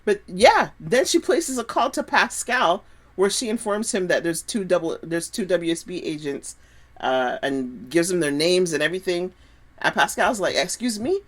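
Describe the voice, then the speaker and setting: A woman co-hosting a casual chat about a soap opera, talking in an animated way with frequent restarts. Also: on the low side, normal speed. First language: French speaker. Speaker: podcast co-host.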